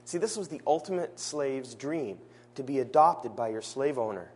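A man preaching a sermon in a church service, earnest, slowing down to stress his key phrases. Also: mid-range voice, animated, a little mellow, husky.

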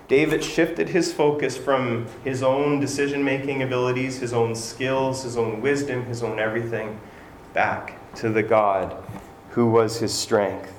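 A man's voice: mid-range voice, fairly even intonation, measured pace. Earnest preaching man in an echoey room. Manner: earnest, conversational preaching with rising emphasis. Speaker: pastor. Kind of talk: sermon. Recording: echoey room with faint noise.

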